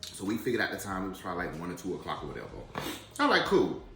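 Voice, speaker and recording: A man's voice: low-pitched, wildly swooping pitch, rapid-fire, a bit bright, roomy sound, soft background music. A man telling a rambling personal story to viewers in a casual, chatty way while eating. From Atlanta area, USA. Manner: chatty, addresses viewers directly, digressive. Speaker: vlogger.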